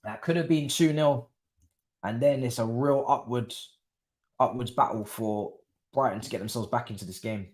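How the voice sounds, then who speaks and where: Excitable young streamer. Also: male voice, mid-range voice, normal speed. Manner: excitable, slangy, chatting with live chat. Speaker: watchalong streamer. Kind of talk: live football watchalong commentary.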